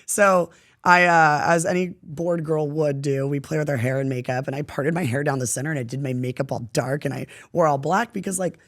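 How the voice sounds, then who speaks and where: A woman's voice: deep voice, fairly even intonation, fairly quick. Chatty young woman, laughing often. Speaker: podcast guest. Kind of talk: casual interview chat.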